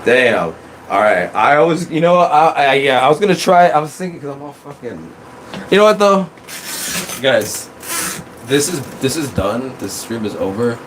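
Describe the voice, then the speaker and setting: A man hosting a casual livestream, talking into his phone in a rambling, excitable way with plenty of swearing. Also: mid-range voice, moderate pace, slight background noise, low-quality recording. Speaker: streamer.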